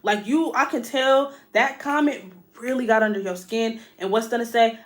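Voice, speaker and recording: Woman podcast host, slightly high voice, casual recap, lots of swearing. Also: moderate pace, hardly any pauses. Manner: profane, animated, addresses listeners as y'all.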